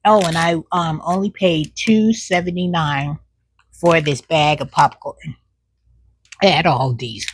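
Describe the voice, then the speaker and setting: In a folksy snack taste test, a woman with a deep voice talks while she chews, stretching out hums as she savors the food and slipping in "child" as an aside. A little hiss or hum is audible.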